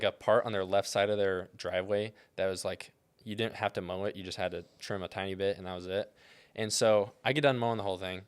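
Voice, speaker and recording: A young man co-hosting a podcast, telling rambling stories in casual chat and filling them with "like". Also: on the low side. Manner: rambling storyteller, heavy use of "like". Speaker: podcast co-host.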